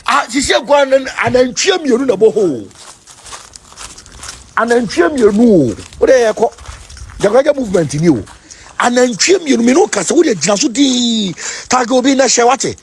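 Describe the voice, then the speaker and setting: A Ghanaian man leads an excitable, chanting call-and-response. His voice sits very high and sounds husky and breathy. He moves his pitch around a lot and repeats himself again and again. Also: normal speed. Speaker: self-styled spiritual leader. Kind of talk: animated call-and-response preaching.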